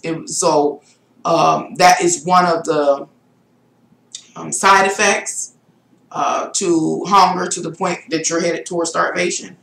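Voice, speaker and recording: A woman's voice: fairly even intonation, slow pace, gravelly, fairly bright tone. Middle-aged woman vlogger, casual rambling storyteller, echoey room. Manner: rambling, with shrill exclaimed self-quotes. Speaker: spiritual vlogger.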